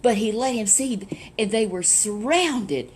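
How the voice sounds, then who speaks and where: A woman casually retelling a Bible story, chatty and animated, with many rhetorical questions. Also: mid-range voice, slow, slight background noise.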